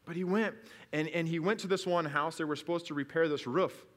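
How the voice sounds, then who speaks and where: Earnest preacher man, slightly high voice. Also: brisk, in a large hall. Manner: storytelling with rhetorical questions; earnest, builds to emphatic peaks. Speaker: pastor. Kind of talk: sermon. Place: church service.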